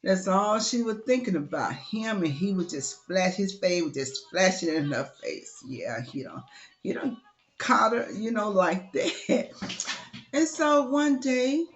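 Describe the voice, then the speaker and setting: A woman's voice: medium pitch, lively intonation, a little slow, highs cut off, a little hiss or hum. A woman telling a story in a loose, chatty way, full of "you know" and asides. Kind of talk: casual oral storytelling.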